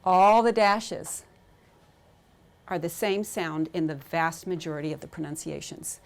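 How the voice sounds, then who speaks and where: A woman leads a language lesson in a calm, deliberate teaching voice. She speaks slowly and patiently, drawing out each sound for her students to echo back. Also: low voice, gravelly. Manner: patient, repeats sounds aloud for learners to echo. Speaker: Hebrew teacher. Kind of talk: slow classroom drill, teaching vowel sounds.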